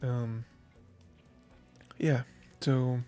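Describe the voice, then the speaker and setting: A man's voice: mid-range voice, fairly even intonation, very slow, mellow, faint music behind. A man hosting an anime review show, rambling through a casual recap with lots of fillers and laughs. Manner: rambling, filler-heavy, laughs while recounting.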